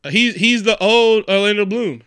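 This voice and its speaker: Casting: male podcast co-host, lively and crude, bright forceful voice, dry close sound. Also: high-pitched, normal speed, smooth, no echo. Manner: animated, profane, acts out quotes in silly voices. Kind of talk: casual movie recap chat.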